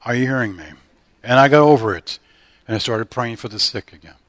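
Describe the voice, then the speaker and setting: A man's voice: medium pitch, a little fast, a bit bright, no room sound. A man who is a pastor, preaching a sermon and often asking the congregation if they hear him. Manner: preaching with call-and-response questions.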